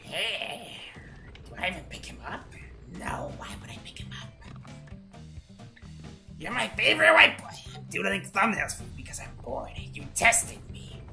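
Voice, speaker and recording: A woman's voice: on the low side, expressive, moderate pace, vocal fry, over music. A woman co-hosting a game stream, chatting casually in a playful, teasing way. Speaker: streaming co-host. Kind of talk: casual chat over gameplay.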